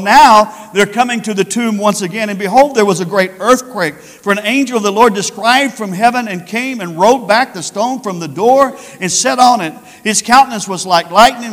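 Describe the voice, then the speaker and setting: A man preaches with a high, bright, ringing voice that swells into shouts and stretched-out words. His sermon rolls through a church sanctuary with a long hall reverb trailing every phrase. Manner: fervent, rising to shouts, drawn-out emphasis. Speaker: pastor.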